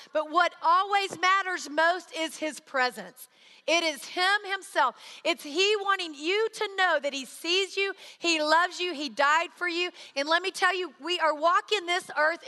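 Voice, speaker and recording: A woman's voice: very high-pitched, sharp tone. A woman giving an earnest sermon, telling a personal story and acting out the people she quotes. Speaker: speaker. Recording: long hall reverb.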